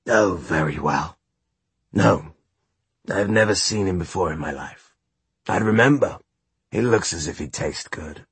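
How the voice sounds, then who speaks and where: A man's voice: deep voice, measured pace, pauses often, a bit bright, husky, no echo, full character voice. A man voicing a small, bloodthirsty blue demon that hisses threats and sulks, in an audiobook reading. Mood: bored, petulant. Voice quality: hissing, petulant.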